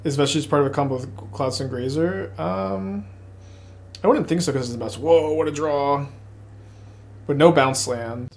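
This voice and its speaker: A man with a Texas accent talks through his online card game as he plays. He thinks aloud in a rambling, excitable way, jumping between plays and side thoughts. His voice reaches a desk mic in casual gameplay commentary. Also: a little high, normal speed, creaky.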